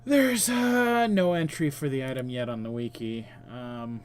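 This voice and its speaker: A man's voice: mid-range voice, unhurried, slight background noise. A man streaming a computer game, reading its text aloud between offhand remarks, with frequent "uh"s and self-corrections. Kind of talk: casual let's-play commentary.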